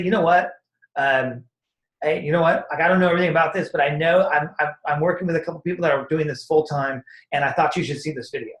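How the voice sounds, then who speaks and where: A man giving a casual, rambling motivational talk as a network marketing coach, acting out sample conversations with lots of energy. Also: on the high side. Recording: echoey room.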